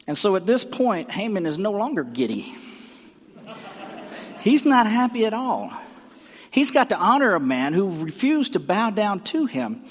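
High-voiced preacher in an echoing hall. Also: male voice, measured pace, long pauses, husky. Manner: animated retelling with rhetorical questions. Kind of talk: sermon storytelling. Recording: dull sound with long hall reverb.

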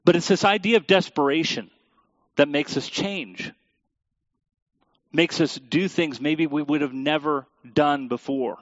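A man's voice: a little high, a little slow, dry recording, lo-fi sound. Dry-sounding male preacher, conversational. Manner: conversational, self-deprecating asides to the congregation. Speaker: pastor. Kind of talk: sermon.

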